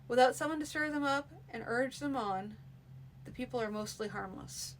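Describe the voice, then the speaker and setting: A woman's voice: high-pitched, normal speed, slight background noise, natural voice. A woman voicing a guarded, humble male healer in a read-aloud fantasy story, polite and reserved.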